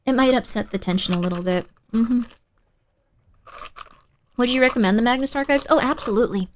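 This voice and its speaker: A woman streamer chats casually on a live stream in a fairly high voice. She rambles along with many fillers and restarts. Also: animated, moderate pace, pauses often, a little hiss or hum.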